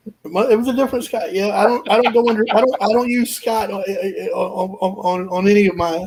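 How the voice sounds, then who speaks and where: High-voiced man joking around on a stream. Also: fairly even intonation, a little fast, crowd noise, rough recording. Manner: joking, self-mocking, stumbles over words. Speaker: guest on a live stream. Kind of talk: casual joking chat.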